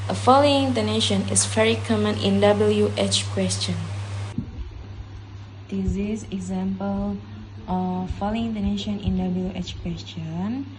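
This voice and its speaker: A young woman reads a class presentation at a mid pitch, careful and steady as she works through example sentences. A faint hiss sits under her voice. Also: poor audio. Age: young adult. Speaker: student presenter.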